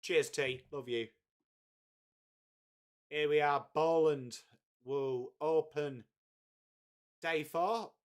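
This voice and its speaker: A chatty man hosts a live watchalong, his voice sitting a little higher than most men's. He swears freely and breaks off often to greet viewers by name. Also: extremely slow, long pauses, clean tone. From England. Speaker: live stream host. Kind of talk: casual live watchalong chat.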